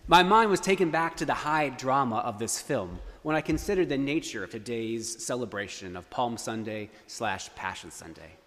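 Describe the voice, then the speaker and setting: A man preaching a sermon in a church, telling a story in an earnest, emphatic way. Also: medium pitch. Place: church sanctuary. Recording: long church reverb.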